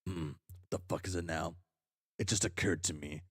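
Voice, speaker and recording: A man reading aloud as a furious, foul-mouthed young male troll, ranting and swearing at himself in shouted tirades. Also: low voice, fairly even intonation, moderate pace, dry recording, studio quality.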